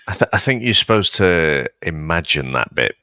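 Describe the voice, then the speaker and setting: A man's voice: deep voice, very animated, normal speed, sharp tone, no room sound. A man co-hosting a podcast, talking about films with laid-back, dry humor. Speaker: podcast co-host. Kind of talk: casual film chat.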